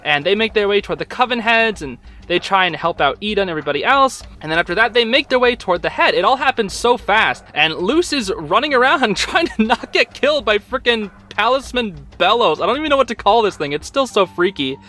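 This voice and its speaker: A young man hosting a casual episode recap, excitable and informal, with slang and lots of fillers. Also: sits high, a little fast, hardly any pauses. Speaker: host.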